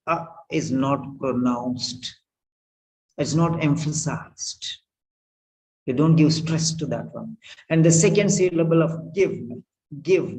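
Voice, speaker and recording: A man's voice: fairly high pitch, a little slow, a little mellow, rough recording. A man teaching pronunciation in an online class, repeating each sound several times over. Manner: repetitive, drills sounds over and over.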